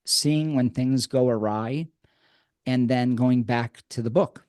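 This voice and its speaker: A man speaking as a podcast guest, with a darker, mellow voice in a dry, close room. He tells stories in a lively, animated way, acts out old conversations, and often repeats words as he restarts. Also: medium pitch, slow pace, clean tone, no echo. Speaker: podcast guest, addiction program co-creator. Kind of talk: conversational storytelling.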